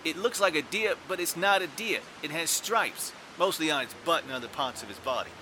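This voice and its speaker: An actor playing a chatty zoo train conductor giving folksy, rambling tour patter. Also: male voice, fairly high pitch, animated, a little fast, noisy background, close to an everyday voice.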